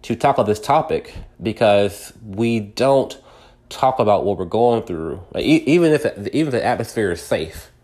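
A man's voice: on the low side, expressive, moderate pace, darkish tone. A man telling a personal story in a rambling, conversational way, full of fillers and restarts, acting out what people said. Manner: rambling, many fillers and restarts, acts out quoted voices. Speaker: podcast host.

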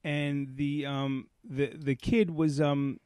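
A man's voice: fairly high pitch, steady tone, slow pace, a little mellow, smooth, no echo. A man co-hosting a podcast, casual and blunt, with crude asides. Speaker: podcast co-host. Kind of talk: casual chat.

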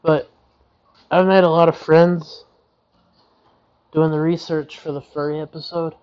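Speaking unhurriedly in a level tone, a podcast host with a voice on the high side rambles apologetically in a casual monologue. He's hot and breathing heavily outdoors in a yard, recorded without his usual headset. The sound is dry and lo-fi.

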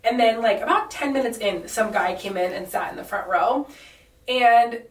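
A young woman telling stories in a loose, chatty way, full of fillers, as she co-hosts a podcast. Her voice sits a little high. She is set back from the mic in a room with a roomy echo. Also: moderate pace, recorded from a distance. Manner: chatty storyteller, many "like" and "um" fillers. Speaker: podcast co-host. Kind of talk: casual chat.

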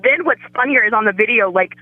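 A woman's voice: on the high side, lively intonation, fast, no room sound, phone-quality sound. A woman guest on a podcast, telling a story in casual chat and acting out the quoted voices.

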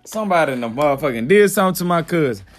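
High-voiced animated young man telling stories. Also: very fast, slight background noise. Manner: animated, profane storytelling with acted-out quotes. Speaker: podcast co-host. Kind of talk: casual storytelling chat.

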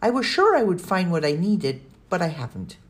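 A woman voicing a clever, cautious girl who speaks in a measured, earnest way. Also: fairly low pitch, very animated, voice pushed up.

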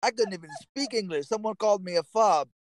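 A man's voice: sits high, brisk, a little hiss or hum. A man from Morocco, chatting casually and acting out voices as he tells stories. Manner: animated storyteller, acts out voices in anecdotes. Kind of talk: casual chat.

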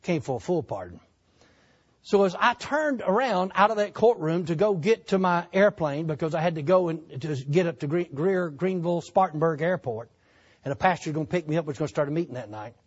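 An older man, preaching a sermon as a folksy, animated storyteller. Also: a little high, brisk, husky. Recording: dull lo-fi recording.

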